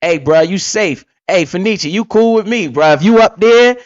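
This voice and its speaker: Animated man on a lo-fi stream. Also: sits high, moderate pace. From Connecticut. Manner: loud, animated, swearing street slang. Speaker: livestream host. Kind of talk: casual livestream chat. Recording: lo-fi stream audio.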